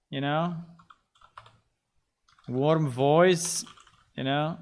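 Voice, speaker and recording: Male game developer on a live coding stream: slow and halting, repeats himself, mid-range pitch. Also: fairly bright tone, clear, resonant tone. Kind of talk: casual livestream talk while coding.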